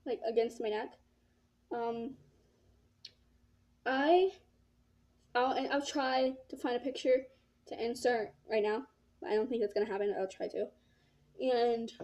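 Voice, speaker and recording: A woman's voice: fairly high pitch, a little mellow. A teenage girl telling a casual story-time vlog, rambling and saying "like" a lot. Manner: rambling, filled with "like". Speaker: vlogger.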